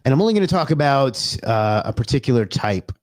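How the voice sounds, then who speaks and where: Brisk and lively in intonation, this man's mid-range voice comes through with no room sound. He hosts an informal livestream, greeting people by name and chatting freely, with a loose, talkative manner, occasional swearing, and bits of talking to himself.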